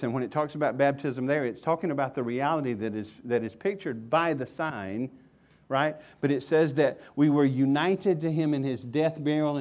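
Male pastor mid-sermon: mid-range voice, earnest preaching, big shifts from loud emphasis to near-whispered asides. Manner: preaching with wide swings from loud emphatic questions to hushed low asides. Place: church sanctuary.

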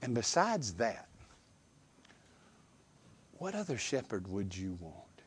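A man preaching a sermon, emphatic and animated, with repeated phrases and questions to the congregation. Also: lowish voice, slow, slightly rough.

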